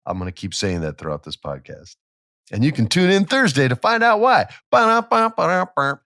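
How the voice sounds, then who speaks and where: A man's voice: medium pitch, fairly quick, no echo, studio quality. A man hosting a casual wrestling podcast, telling stories with acted-out quotes and sound effects. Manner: animated storyteller who acts out quotes and sound effects. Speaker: podcast host.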